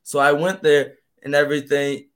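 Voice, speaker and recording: A young man from Brazil, a native Portuguese speaker, telling his story in a casual interview, animated and full of "man" and "like". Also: on the high side, moderate pace. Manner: animated, acts out voices in quotes, fills with "man" and "like". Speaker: guest.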